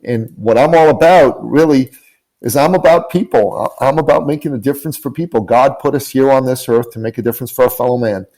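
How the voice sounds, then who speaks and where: A man's voice: medium pitch, brisk, darkish tone, rough recording. A man guest on a podcast, earnestly telling stories and repeating key phrases for emphasis. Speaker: guest, business coach. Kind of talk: podcast interview storytelling. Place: lives in Canada.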